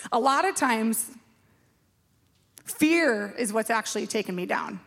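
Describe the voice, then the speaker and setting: A woman pastor giving a sermon in a chatty, self-mocking way, asking the room questions. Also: fairly high pitch.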